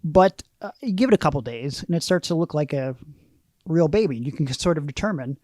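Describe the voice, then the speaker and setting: A man's voice: on the high side, animated, brisk, darkish tone, no room sound. Rambling self-mocking man, dry close mic. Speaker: podcast co-host. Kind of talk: casual chat.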